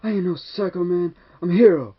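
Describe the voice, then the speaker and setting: A man voicing an unhinged male bomber who rants in a high, shouty voice, in a dull lo-fi recording. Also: brisk, breathy edge. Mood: frantic. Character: shrill ranting male psycho bomber, unhinged.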